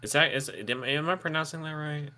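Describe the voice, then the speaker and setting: A man's voice: on the high side, a little fast. A man with a Midwestern American accent chatting casually during a game stream, joking and laughing often. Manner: animated, laughs often, jokes about accents. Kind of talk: casual chat while gaming.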